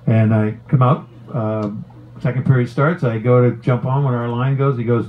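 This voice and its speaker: A middle-aged man, a former hockey player, tells a long story in a casual, animated way, swearing and laughing as he goes. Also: mid-range voice, moderate pace, phone-quality sound, a little hiss or hum. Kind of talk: casual storytelling on a talk show.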